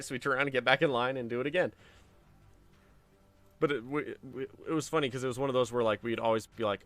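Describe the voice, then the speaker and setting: A man streaming a game, telling family stories in a casual, lively way and acting out the voices of the people in them. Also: mid-range voice, fairly quick. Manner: animated anecdote telling with acted-out quotes. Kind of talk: casual storytelling while playing a game.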